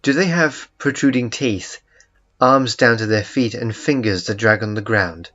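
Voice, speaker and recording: Male reader playing an anxious questioning companion, a little higher pitched. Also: a little slow, fairly bright tone, highs cut off. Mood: curious.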